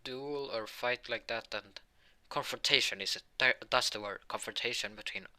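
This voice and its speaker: A man's voice: medium pitch, normal speed, sharp tone. A man narrating an improvised fan story, rambling with many fillers and self-corrections.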